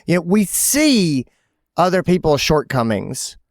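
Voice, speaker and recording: A man's voice: on the high side, sing-song, unhurried, dry recording, studio quality. A middle-aged man co-hosting a podcast in casual chat, telling a story and acting out his own quotes with energy. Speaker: podcast co-host.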